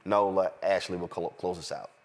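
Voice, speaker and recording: A man's voice: deep voice, moderate pace. A man hosting a panel talk show, speaking with an emphatic, preaching cadence and directing his panelists. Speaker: host.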